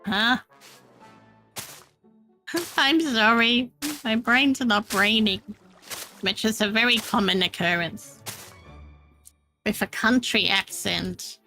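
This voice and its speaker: Bright, gravelly-voiced woman chatting while gaming. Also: a little high, slow, long pauses, soft background music, rough recording. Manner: chatty, self-deprecating, laughs often. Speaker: Minecraft streamer. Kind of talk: casual gameplay chat.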